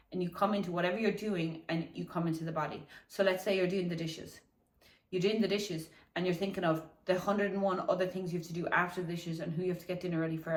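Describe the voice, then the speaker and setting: A woman in a casual, reflective talk about slowing down, speaking loosely with swearing and laughter while out on a morning walk. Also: fairly low pitch, reverberant, far from the mic. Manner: meandering, chatty, swears casually, laughs often. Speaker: wellness vlogger.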